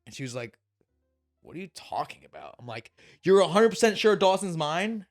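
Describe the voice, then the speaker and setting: A young man telling a personal story on a podcast, animated and swearing often. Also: sits high, normal speed, faint music behind. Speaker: podcast guest. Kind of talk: casual storytelling.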